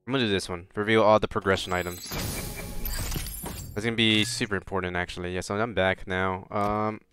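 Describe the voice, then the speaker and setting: A man casually commenting on a game he plays, rambling, swearing and bursting out loud. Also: fairly low pitch. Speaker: let's play host.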